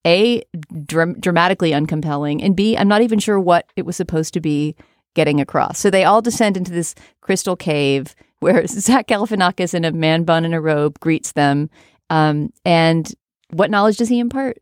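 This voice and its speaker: A woman's voice: on the low side, moderate pace, no room sound, studio quality. A woman co-hosting a casual film discussion, articulate and wryly critical. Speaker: podcast co-host.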